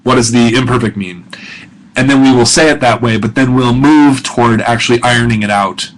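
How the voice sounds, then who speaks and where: A man's voice: mid-range voice, slight background noise, rough recording. Patient man teaching a grammar lesson. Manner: patient, reads words slowly and repeats them, corrects himself. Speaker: professor.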